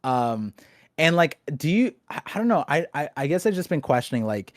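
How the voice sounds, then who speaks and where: A man's voice: fairly high pitch, a little fast, no room sound. Rambling young man, dry close sound. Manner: rambling and animated, with many restarts. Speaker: podcast host. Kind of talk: casual podcast chat.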